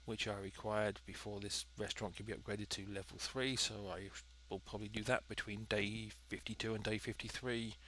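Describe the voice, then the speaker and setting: A man's voice: fairly low pitch, level tone, brisk, hardly any pauses, sharp tone, a little hiss or hum. A man giving chatty, dry, methodical commentary while playing a cooking game. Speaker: let's play host. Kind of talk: gameplay commentary.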